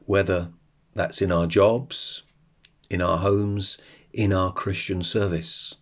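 A man hosting a devotional podcast, reading and reflecting on a psalm in a slow, measured way. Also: low voice, a little mellow, muffled recording. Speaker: podcast host.

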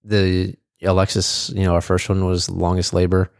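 A man chatting casually on a podcast, hesitant and unhurried. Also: low voice, completely flat delivery, vocal fry, no echo, clean studio sound. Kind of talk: casual chat.

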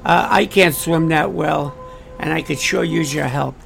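A man's voice: a little high, a little slow, vocal fry, fairly bright tone, faint music behind, pitched below the performer's own voice, full character voice. A man voicing a male scorpion in a spoken fable, stammering and pleading for a ride. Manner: wheedling, stammering plea.

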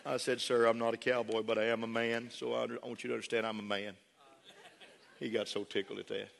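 A man preaching a sermon as a pastor, switching between loud shouted praise and soft folksy storytelling. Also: mid-range voice, level tone, fast talker, creaky. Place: large church hall with congregation. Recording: long hall reverb with faint crowd.

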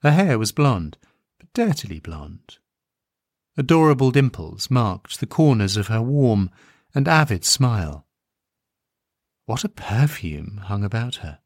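A man reading a dark literary story aloud in a measured, wry manner. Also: mid-range voice, dry recording, studio quality. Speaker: narrator.

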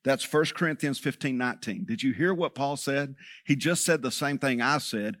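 A man's voice: mid-range voice, moderate pace, fairly bright tone, dry recording, studio quality. A man preaching a sermon as pastor, talking conversationally and checking in with the congregation.

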